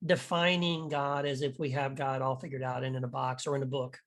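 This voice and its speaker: A man's voice: mid-range voice, flat delivery, a little fast, a bit bright. A man talking as an author guest in a casual interview, candid and rambling, self-deprecating, often laughing.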